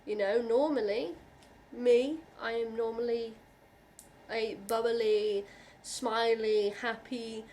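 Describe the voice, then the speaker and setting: Earnest, halting woman vlogger, fairly high voice. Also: fairly even intonation, a little mellow, a little hiss or hum. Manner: earnest and reassuring, halting with frequent restarts; heartfelt, openly emotional. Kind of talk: personal talk to camera.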